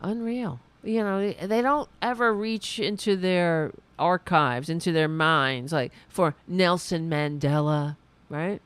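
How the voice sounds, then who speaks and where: A woman's voice: fairly low pitch, slow, clean tone. A woman hosting a political commentary show, talking casually with a sarcastic, mocking manner over faint music. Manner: sarcastic, mocking, reading out comments in mimicking voices.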